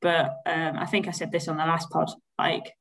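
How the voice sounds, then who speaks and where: Woman on a football podcast, lowish flat voice, lots of ums and likes, just chatting. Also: normal speed, slight background noise, low-quality recording. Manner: rambling, many fillers and hedges. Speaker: podcast co-host. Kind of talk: casual football podcast chat.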